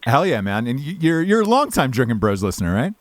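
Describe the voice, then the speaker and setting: A man hosting a podcast, telling a story in a casual, animated way with frequent swearing. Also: mid-range voice, fast, no room sound. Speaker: podcast host.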